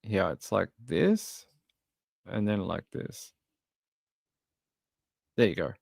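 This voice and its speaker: A man's voice: lowish voice, big pitch swings, takes it slowly, vocal fry, darkish tone, dry recording. Australian man hosting a livestream. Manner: rambling, reads news aloud then chats to viewers. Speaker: true crime livestream host. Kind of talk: casual livestream commentary.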